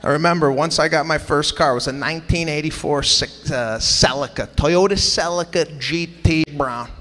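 A man doing a stand-up comedy set, animated, acting out his family and rising to shouts. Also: on the high side, normal speed, big-room sound. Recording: live club with audience and room noise. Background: audience laughter.

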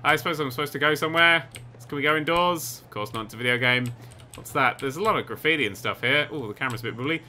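A man commentating over a video game he is playing, excitable and sarcastic, swearing often. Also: medium pitch, quick pace. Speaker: gaming commentator. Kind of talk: let's play commentary.

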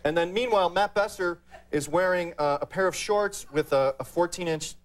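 Deadpan male comic guest, slightly high voice, filler-laden talk-show storytelling. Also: moderate pace, very noisy. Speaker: comedian guest. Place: TV studio.

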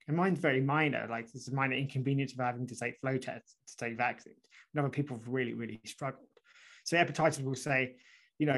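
A man who is a guest author in an interview, explaining ideas in an animated, conversational way with frequent restarts and "right?" asides. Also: medium pitch.

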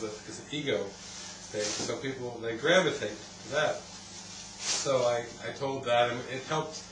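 Man, spiritual teacher type, rambling animated storyteller; distant mic, echoey hall. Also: mid-range voice. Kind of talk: casual storytelling talk. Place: retreat hall. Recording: roomy, distant, noisy ambience.

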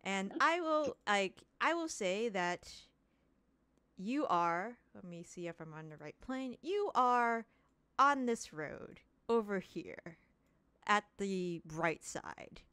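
A woman running a tabletop game as game master, narrating with hesitant pauses and fillers. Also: mid-range voice, expressive, fairly bright tone, clear, resonant tone, dry recording.

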